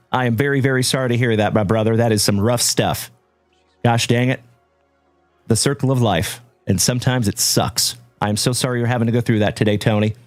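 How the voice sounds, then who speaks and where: A man hosting a live trading-card stream, chatting warmly with viewers and giving shout-outs. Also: medium pitch, dry recording. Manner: hearty, shout-outs full of "my brother" and "my man". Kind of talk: upbeat livestream chat with viewers.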